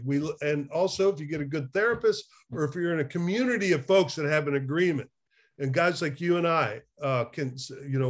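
A man talks through recovery work in a conversational interview, his voice sitting a little high for a man. He is animated and chuckles often, and he stops and restarts his sentences as he thinks aloud. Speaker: recovery therapist, guest.

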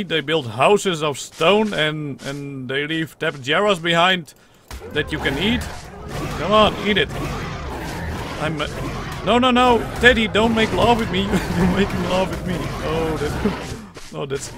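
A young man with a high, light voice commentates his gameplay at the desk, excitable and chattering, stacking up repeated words and breaking into laughs. He plays along as the mother creature he controls, half joking. A steady noisy hiss sits under his voice. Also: measured pace. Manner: playfully role-plays as the mother creature in the game. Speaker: gaming channel host. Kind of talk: let's play commentary.

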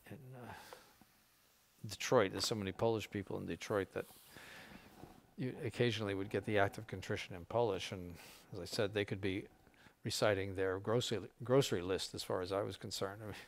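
Earnest bishop giving an informal lecture. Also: male voice, fairly low pitch, fairly even intonation, fairly quick, vocal fry. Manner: conversational, acts out quotes and examples; earnest, emphatic teaching. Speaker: bishop teaching clergy.

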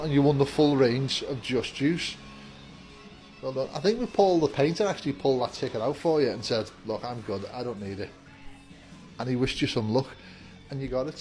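A vape shop worker greets viewers in a casual vlog, chatting to camera from inside his shop with the door open. His mid-range voice is a little mellow, and his upbeat talk rambles. Faint music plays in the shop.

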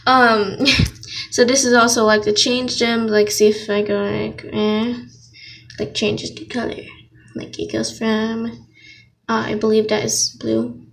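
A woman's voice: a little high, level tone, slow pace, a bit bright. A young woman giving a rambling, giggly casual drawing tutorial, often laughing and interrupting herself. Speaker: vlogger. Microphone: phone.

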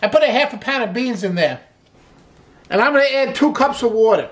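A man's voice: very high voice, animated, brisk. A middle-aged man hosting a cooking show as a chef, chatty and upbeat, walking through a recipe step by step with frequent exclamations. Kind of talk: casual cooking demonstration.

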